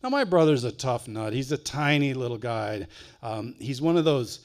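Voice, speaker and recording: A man's voice: big pitch swings, moderate pace. Folksy storyteller man. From Wisconsin. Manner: folksy, dry humor, drops low and quiet on tender moments. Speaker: author giving a talk. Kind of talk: live storytelling to an audience. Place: library fine arts center before an audience.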